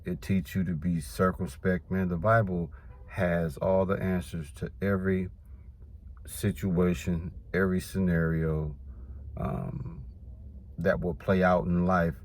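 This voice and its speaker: Deep-voiced man preaching casually. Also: steady tone, takes it slowly. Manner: conversational, repeats "man" and "you know"; reads scripture verses aloud, then explains them. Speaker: Bible teacher.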